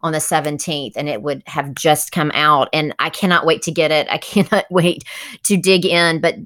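A woman's voice: low voice, steady tone, normal speed. Enthusiastic woman podcast host. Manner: warm, enthusiastic questioning. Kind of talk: podcast interview.

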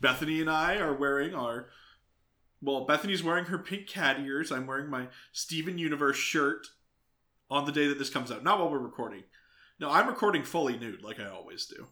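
A man's voice: on the high side, fairly quick, bright, forceful tone. A man co-hosting a podcast in casual, playful, jokey chat. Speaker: podcast co-host.

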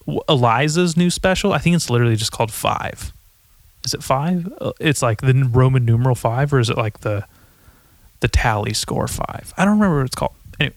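A man's voice: a little high, normal speed, dry recording. A young man hosting a solo podcast, rambling profanely and correcting himself often. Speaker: podcast host.

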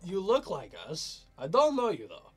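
A man's voice: high voice, huge pitch swings, normal speed, breathy edge, soft background music, pitched above the performer's own voice, exaggerated voice. A man voicing an aloof, unbothered lizardfolk woman leader with a blunt, dry manner in a tabletop game. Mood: puzzled.

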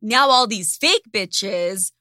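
Brief: woman podcast host, sarcastic rant, bright voice, dry close sound, high-ish pitch. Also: slow pace, no room sound. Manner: animated, sarcastic, swears freely. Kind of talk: casual chat.

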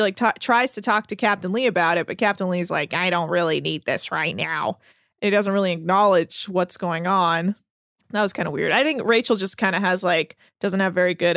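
Woman, podcast host, casual chat, animated storytelling, swears freely, dry close sound. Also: fairly low pitch, dry recording. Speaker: podcast host recapping a reality show.

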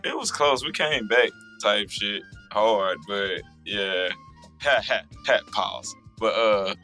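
A man co-hosting a podcast, his voice hoarse and mostly gone, telling stories in a lively way and swearing often. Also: fairly low pitch, slow, soft background music, poor audio. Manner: animated storyteller, swears a lot. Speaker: podcast co-host. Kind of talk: casual chat.

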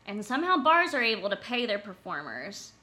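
Chatty bright-voiced young woman. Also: mid-range voice, big pitch swings, brisk. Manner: chatty, heavy use of "like". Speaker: podcast co-host. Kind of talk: casual chat.

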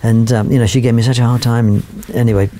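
A man's voice: medium pitch, little pitch movement, quick pace, warm tone. A man, a portrait photographer appearing as a guest, telling long rambling anecdotes full of "you know" fillers and restarts. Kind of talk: anecdotal storytelling.

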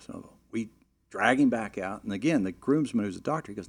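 Middle-aged man spinning a lively anecdote. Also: fairly low pitch, fairly quick, slightly rough. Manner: animated, with restarts and "you know" fillers. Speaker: storyteller. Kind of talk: casual anecdote telling.

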